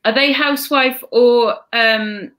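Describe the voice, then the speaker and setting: A woman's voice: fairly high pitch, fairly even intonation, slow, a bit bright. A woman with a slight Welsh lilt chatting casually as co-host, self-deprecating and often restarting her sentences. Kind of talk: casual chat.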